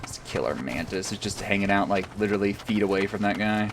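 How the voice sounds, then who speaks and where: A man's voice: lowish voice, fast, music in the background. A man streaming a game live, chatting casually and rambling through mumbled asides.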